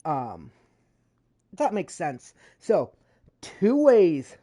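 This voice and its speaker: A woman's voice: fairly low pitch, big pitch swings, very slow, warm tone, breathy edge. A woman streamer chatting casually over gameplay, rambling with frequent fillers and self-corrections. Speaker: gaming streamer.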